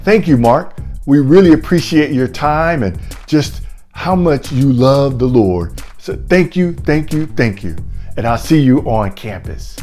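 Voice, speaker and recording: A man hosting the show, closing with warm thanks and repeated words of gratitude. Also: mid-range voice, lively intonation, unhurried, soft background music. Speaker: host. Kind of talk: closing remarks.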